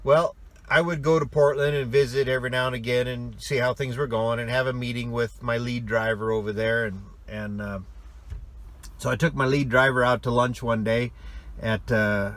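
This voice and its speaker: Brief: middle-aged male ex-business owner, chatty, digressive storyteller, everyday mid pitch. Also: level tone, normal speed, fairly bright tone. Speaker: former trucking company owner. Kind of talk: casual storytelling.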